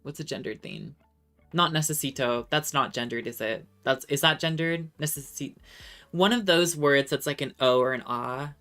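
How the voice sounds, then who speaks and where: A woman's voice: a bass voice, moderate pace, fairly bright tone, faint music behind. A woman streamer in casual chat, reading viewer comments aloud, laughing often and trying out rusty French.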